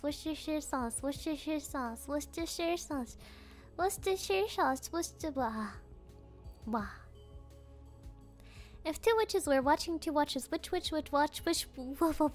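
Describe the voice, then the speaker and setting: Playful female streamer, high bright voice, giggly casual chat, soft music under it. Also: lively intonation, normal speed. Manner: playful, giggly, trips over tongue twisters; mixes in Japanese fillers.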